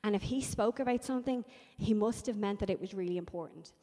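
A woman preaching a conversational sermon with animated storytelling. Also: mid-range voice, fast talker. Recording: long hall reverb.

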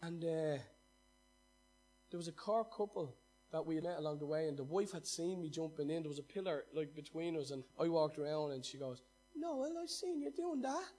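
A man preaching a sermon as pastor, impassioned, swinging from loud exhortation to hushed asides and stumbling over repeated words when fired up. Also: a little high, fairly even intonation, brisk.

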